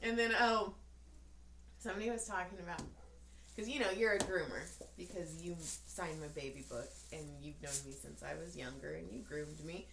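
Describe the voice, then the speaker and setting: A woman in her thirties with a fairly low voice chats on a podcast, telling stories with lots of laughter and playful voiced quotes. The room echoes around her, with a faint hum of ambience behind. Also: moderate pace. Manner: laughs often, animated storytelling with voiced quotes. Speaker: podcast co-host. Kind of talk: casual chat. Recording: roomy echo, faint ambience.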